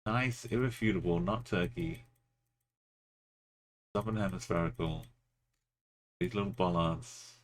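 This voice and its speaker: A man's voice: low voice, unhurried, long pauses. A man streaming a geography game, musing aloud in short, offhand remarks as he plays. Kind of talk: casual commentary while playing.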